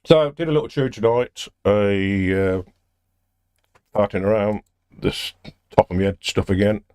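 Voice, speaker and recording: An older man talks in a casual, rambling way, drifting sideways from one thought to the next. His voice sits low. The sound is dry and close, with no room echo. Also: measured pace, a little mellow, clean tone. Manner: rambling, easily sidetracked, swears casually. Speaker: music producer streaming a session. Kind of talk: casual livestream chat.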